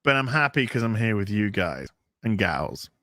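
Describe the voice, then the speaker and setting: A man's voice: on the low side, normal speed, dry recording. A man hosting a casual live stream, chatting and reading out viewer donation messages. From England. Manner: animated, chatty, reads donor messages aloud.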